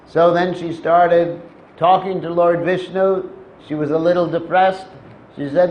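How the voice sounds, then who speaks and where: A man's voice: on the high side, steady tone, measured pace. A man preaching a devotional sermon in a temple hall, telling the story in a conversational way with fillers. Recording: echoey, slightly dull temple recording.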